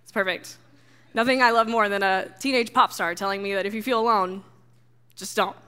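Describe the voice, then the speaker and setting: A woman's voice: mid-range voice, steady tone, fairly quick, pushed and bright, smooth. A young woman giving a sermon to a church gathering, talking casually with dry, sarcastic humor. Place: stage before a live audience.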